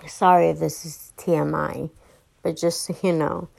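A woman's voice: low-pitched, flat delivery, normal speed, gravelly, a little mellow, poor audio. An exhausted young woman rambling through a casual podcast monologue, full of fillers and restarts. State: exhausted and fatigued. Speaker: podcast host.

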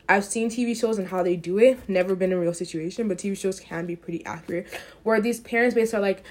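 A woman's voice: medium pitch, darkish tone. Young woman presenter, casual and emphatic, strongly opinionated, trips over and restarts phrases.

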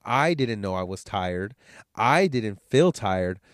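A man with a stuffed-up, nasal voice from a cold hosts his solo podcast, rambling, swearing and speaking candidly. His voice is on the low side with big pitch swings and a slow pace, recorded with studio quality and no echo.

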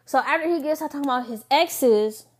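A young woman hosting a podcast, telling a dating story in a candid, profane, casual way with quick asides. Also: sits high. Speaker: podcast host.

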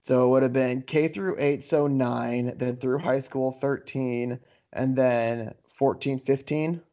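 A man's voice: mid-range voice, fairly even intonation, takes it slowly, warm tone. A man co-hosting a casual podcast, laid-back and joking with his co-host. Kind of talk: casual chat. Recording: dull lo-fi podcast audio.

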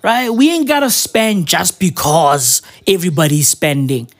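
A man's voice: a little high, measured pace. Guy doing a heated footy rant, lots of slang and swearing, keeps saying bruv. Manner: animated, slangy, swearing, repeats "right?" and "bruv". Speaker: football fan vlogger. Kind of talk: casual football rant.

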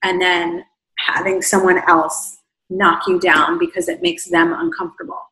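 Her voice sits lowish and sing-song, with a sharp tone and normal speed, as she reads viewers' comments and replies effusively and at length as an online coach on a livestream. After talking a long time, her voice is starting to fade. The sound is reverberant and poorly recorded.

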